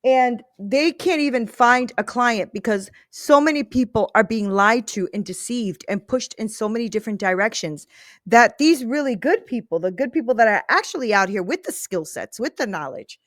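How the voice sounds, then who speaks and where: A woman in her thirties hosts a faith-centred podcast in a casual, heartfelt way. Her voice sits a little high, and she keeps checking in with the listener. The sound is dry and close, with no room around it. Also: lively intonation, normal speed, no echo. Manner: earnest, emphatic, often tag-asks "right?". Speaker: podcast host.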